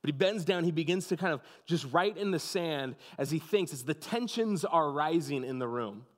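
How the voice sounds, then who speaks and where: A pastor giving a sermon, telling the story with dramatic pauses and dropping to a hushed, soft voice. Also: male voice, on the high side, lively intonation, in a large hall.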